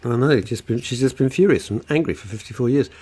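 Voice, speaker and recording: A man's voice: mid-range voice, fast talker, mellow, breathy edge. A man co-hosting a radio show in casual banter, teasing his co-host and sarcastically reading listener messages aloud. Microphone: studio microphone.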